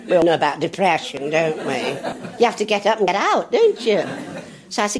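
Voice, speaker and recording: A woman's voice: big pitch swings, quick pace, slightly rough. An older English woman doing stand-up, telling family anecdotes in a chatty, jokey way and laughing at her own punchlines. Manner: jumps high in pitch when doing children's and others' voices. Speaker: comedian. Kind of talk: stand-up storytelling. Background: audience laughter.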